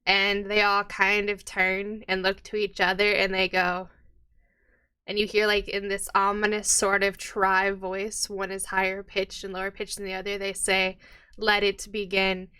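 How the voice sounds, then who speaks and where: A woman narrating as game master of a tabletop game, relaxed, with many fillers and frequent laughs. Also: mid-range voice, moderate pace, smooth.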